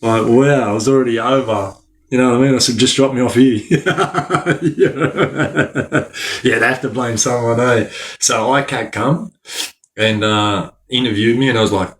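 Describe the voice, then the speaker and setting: A man's voice: mid-range voice, measured pace, fairly bright tone. A man, telling stories as a podcast guest in a rambling, slang-filled way that is broken up by frequent laughs. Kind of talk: casual storytelling.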